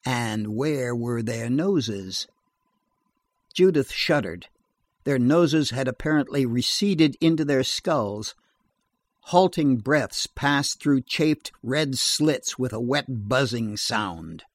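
A man narrating a horror story in a steady, measured reading voice. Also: medium pitch, no room sound.

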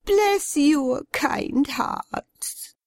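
A woman voicing a vain, theatrical aging female television star with a grand, drawn-out delivery. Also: on the low side, big pitch swings, no echo, pitched above the performer's own voice, heavily acted. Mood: quavering.

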